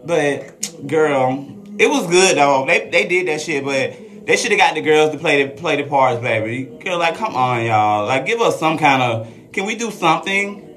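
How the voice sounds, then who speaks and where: Speaking unhurriedly in a low, slightly bright voice with lively intonation, a transgender woman banters openly and profanely with viewers during a casual stream. Soft classical Christmas music can be heard behind the chat.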